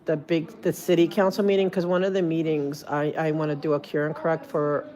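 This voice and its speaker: Woman, Jersey accent, low-pitched, rambling livestream chatter on a phone. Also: level tone, fairly quick, darkish tone, a little hiss or hum. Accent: New Jersey. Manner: rambling and chatty, full of "like" and restarts. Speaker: streamer. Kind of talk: casual livestream chat.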